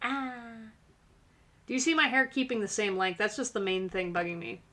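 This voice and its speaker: A woman reading tarot on a live stream in a relaxed, chatty way, full of little fillers and reassurances. Her voice is bright and clear, sitting at an ordinary middle pitch. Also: moderate pace. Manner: chatty, filler-heavy, encouraging.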